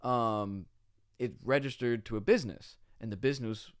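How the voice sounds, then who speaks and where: A man's voice: mid-range voice, normal speed, smooth, no room sound. A man guesting on a podcast, telling a story in a casual, slangy, laid-back way in a studio.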